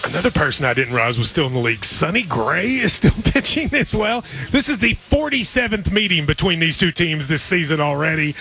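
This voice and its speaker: A man's voice: fairly high pitch, sing-song, a little fast, vocal fry, few pauses, bright, forceful tone, soft background music. A man hosting a sports radio show, bantering playfully about picks. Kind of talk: casual sports betting chat.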